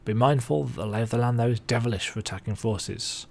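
Gravelly-voiced female admiral barking battle plans as a man reads her. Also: mid-range voice, quick pace, slight background noise, lightly acted. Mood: commanding. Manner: read-out game dialogue, clipped orders. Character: stern female pirate admiral, commanding.

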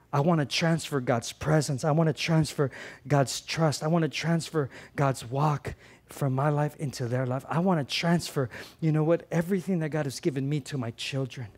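A middle-aged man preaching a sermon as pastor, passionate, swinging from loud emphatic lines to quiet earnest ones and repeating phrases for emphasis. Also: a little high, moderate pace, breathy edge.

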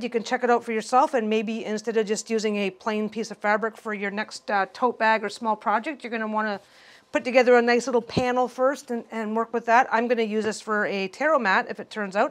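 A woman hosting a casual sewing tutorial, talking in an excitable, rambling way and often repeating herself. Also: a little high. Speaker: quilting channel host.

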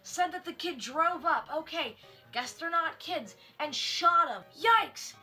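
A young woman giving a sarcastic, animated comedic commentary on a book of stories, with mock outrage. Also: high voice, measured pace. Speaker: book reviewer. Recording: faint music underneath.

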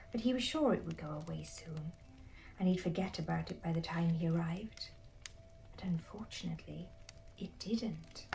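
A woman narrating a bedtime story in a soft, hushed, slow whisper. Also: mid-range voice, distant mic, slight background noise, low-quality recording.

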